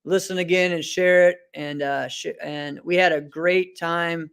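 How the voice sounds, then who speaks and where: A man's voice: a little high, fairly even intonation, unhurried, vocal fry, fairly bright tone, clear, resonant tone. An easygoing man co-hosting a martial arts podcast, laughing often in casual chat. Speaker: co-host.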